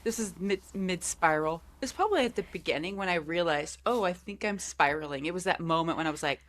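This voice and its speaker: A woman's voice: on the low side, fairly quick, fairly bright tone. A woman co-hosting a podcast, chatting casually with playful quips and easy laughter. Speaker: podcast co-host. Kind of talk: casual chat.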